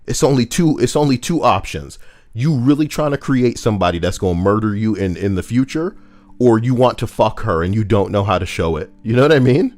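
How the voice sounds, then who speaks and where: A man co-hosting a podcast, ranting in a profane, heated, animated way. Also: fairly low pitch, brisk. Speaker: podcast co-host. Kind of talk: casual ranting commentary.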